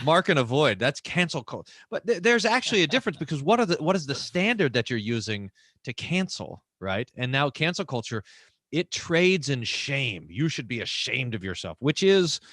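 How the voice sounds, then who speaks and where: A man's voice: on the high side, very animated, unhurried, fairly bright tone, no echo. Joking man from Texas on a call. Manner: joking, teasing, explanatory. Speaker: co-host and pastor. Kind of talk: casual theological chat. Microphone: video call.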